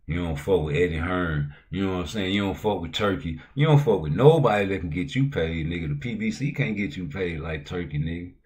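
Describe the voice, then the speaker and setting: Deep-voiced man ranting on a livestream. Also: animated, fairly quick, hardly any pauses. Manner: loose, profane slang-heavy banter; heated, rising to loud outbursts. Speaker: livestream host. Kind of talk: casual livestream talk.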